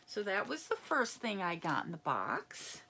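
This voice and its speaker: A woman chatting casually as she unboxes a gift package, reading labels aloud and reacting with excitement. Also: medium pitch, a little slow, vocal fry, breathy edge. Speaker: unboxing vlogger. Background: crinkling packaging.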